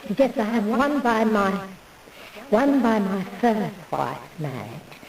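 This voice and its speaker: Slow, rambling woman talking off-mic. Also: medium pitch, animated, vocal fry, darkish tone, far from the mic, low-quality recording. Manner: meandering, digressive, loses the thread. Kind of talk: rambling monologue.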